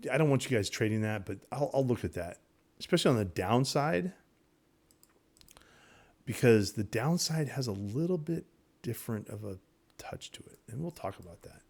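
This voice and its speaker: A man teaching day trading over his charts in a casual, excitable way, repeating himself and talking straight to viewers. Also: mid-range voice, moderate pace, creaky. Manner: excitable, repetitive, talks to viewers directly. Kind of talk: casual screen-share trading lesson.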